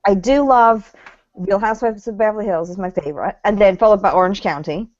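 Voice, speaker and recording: A woman's voice: medium pitch, fairly quick, darkish tone, dry recording, highs cut off. A woman co-hosting a casual chat about reality TV, blunt and opinionated, swearing freely. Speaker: co-host.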